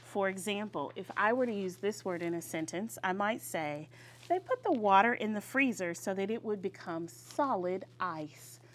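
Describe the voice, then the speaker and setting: A woman's voice: mid-range voice, lively intonation. Woman teacher leading call-and-response. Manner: encouraging call-and-response, drawn-out words. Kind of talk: classroom vocabulary lesson. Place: classroom.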